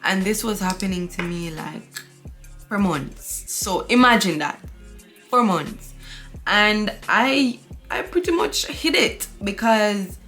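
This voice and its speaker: A woman's voice: mid-range voice, a bit bright. A young woman vlogger chatting candidly and rambling while she gets ready at home, talking into her camera. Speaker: beauty vlogger. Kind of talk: casual chat while getting ready.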